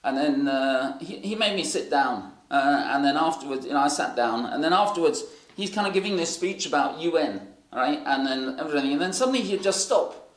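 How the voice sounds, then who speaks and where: A man's voice: fairly high pitch, lively intonation, fairly quick, few pauses. A man preaching, telling rambling anecdotes full of fillers. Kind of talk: sermon storytelling. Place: church hall. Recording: echoey hall.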